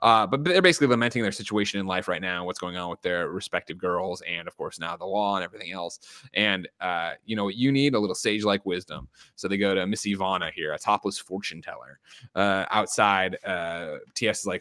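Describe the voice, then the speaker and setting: Co-hosting a podcast, a man recaps a movie scene by scene in casual chat, acting out the lines as he goes. His low voice is fairly quick, pushed and bright. The sound is studio quality with no echo.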